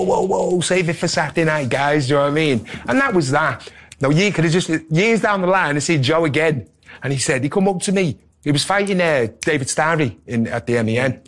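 Man, middle-aged, rapid storytelling, acts out quotes. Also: mid-range voice. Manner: animated anecdotes, quotes people in character voices. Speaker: guest, former boxer. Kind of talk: casual storytelling interview.

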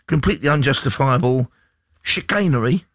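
Male radio co-host, fast-paced teasing banter, dry studio sound, mid-pitched. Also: animated, a bit bright, no echo. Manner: playful, jokey banter. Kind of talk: casual chat.

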